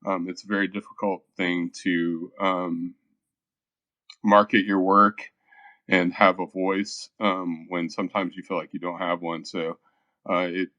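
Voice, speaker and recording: A shy, soft-spoken man who hesitates often and fills pauses with ums as he thanks the people around him in voice chat. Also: deep voice, flat delivery, dry recording, muffled recording. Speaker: featured artist. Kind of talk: casual voice-chat talk.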